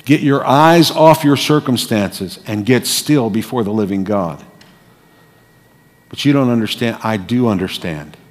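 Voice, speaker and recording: A man preaching a sermon, dramatic, moving between hushed, quiet passages and loud, forceful lines. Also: fairly low pitch, measured pace. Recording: long hall reverb.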